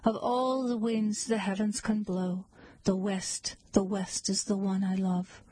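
A grieving young maiden murmuring softly and low about her lost love, as a woman reads her lines. The voice is mellow, slightly breathy, and unhurried. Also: flat delivery, no room sound. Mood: mournful. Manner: soft, murmuring lament.

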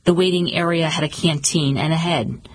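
Low husky woman narrating a story. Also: dry recording, poor audio. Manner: calm, measured storytelling. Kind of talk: audiobook narration.

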